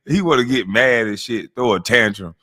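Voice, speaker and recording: A man at a middle pitch rants over a clip he is watching. He swears constantly, mocks the person on screen and breaks into laughter, in loose live-stream commentary. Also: lively intonation, unhurried, pushed and bright. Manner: mocking, laughing, swears heavily.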